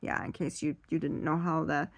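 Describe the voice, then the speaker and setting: A woman's voice: sits low, flat delivery, moderate pace, no echo, studio quality. A young woman with a slightly strained voice doing a seated stand-up monologue. She swears freely and acts out her relatives in quoted voices. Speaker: stand-up comedian.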